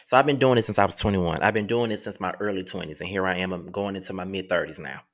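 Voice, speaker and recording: This deep-voiced, fast-talking man in his thirties hosts his own YouTube show. He speaks to his viewers with deep emotion, close to crying, and repeats his thanks again and again.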